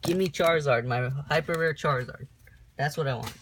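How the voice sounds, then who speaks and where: A young man giving casual unboxing commentary, reading off cards in a slow list broken by sudden high whoops, recorded on a camera mic in a room at home. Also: noisy background. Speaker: card-opening vlogger.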